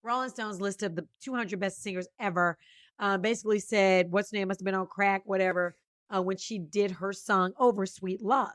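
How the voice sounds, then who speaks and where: A woman co-hosting a podcast, giving blunt, animated opinions in a casual gossip chat. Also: mid-range voice, moderate pace, dry recording, clean studio sound. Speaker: podcast co-host.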